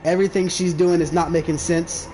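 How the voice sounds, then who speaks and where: A male streamer with a high, quick voice, rattling through casual gaming chat with friends. He swears freely and talks in a rush. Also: loud music behind the voice, low-quality recording. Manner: fast, excitable, swearing.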